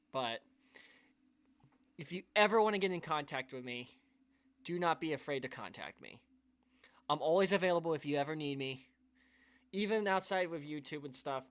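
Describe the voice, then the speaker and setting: This is a man with a voice a touch higher than most, hosting a live stream for his viewers. He talks in an earnest, rambling way, restarting sentences and sighing. An emotional weight runs through his talk. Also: a bit bright. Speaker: YouTube channel host.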